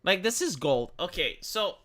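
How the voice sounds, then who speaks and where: Stammering, cursing streamer. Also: male voice, sits high, normal speed. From Romania. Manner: profane, stammering, animated. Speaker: live streamer. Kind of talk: casual livestream rant.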